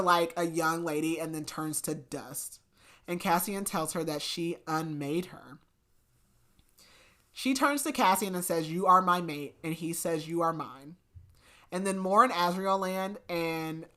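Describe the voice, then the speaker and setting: A woman on the low side of the pitch range, with a fairly bright tone, co-hosts a podcast. During this casual book recap she retells the story conversationally, full of fillers.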